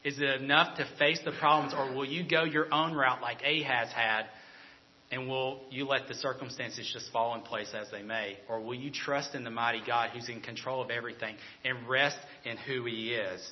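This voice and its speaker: A man preaching a sermon, animated and repeating himself, then dropping into a soft, earnest tone. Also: medium pitch, moderate pace, a little hiss or hum. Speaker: pastor. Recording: dull lo-fi sound.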